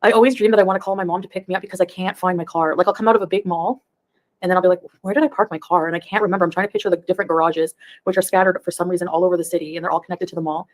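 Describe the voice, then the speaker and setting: A woman's voice: lowish voice, fairly even intonation, rapid-fire. A woman in her thirties, a YouTube reaction streamer, chatting casually on a livestream in a rambling way and laughing often. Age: 30s.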